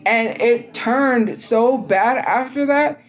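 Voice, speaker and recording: A woman's voice: on the high side, takes it slowly, low-quality recording. A young woman telling a story on a livestream in a rambling, exasperated way, full of "like" and restarts. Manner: rambling, filler-heavy, with frequent "like" and restarts; exasperated and incredulous. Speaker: livestream host.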